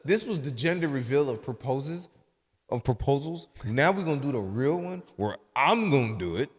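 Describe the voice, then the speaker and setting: A man hosting a podcast, telling stories in a loose, profane, casual way that often drops soft and low. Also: animated, moderate pace, in a large hall. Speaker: podcast host.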